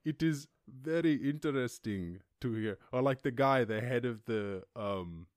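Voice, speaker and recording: A man from Ireland hosting a casual livestream chat, rambling, animated and laughing often as he talks. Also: mid-range voice, unhurried, dry recording, clean studio sound. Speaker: host.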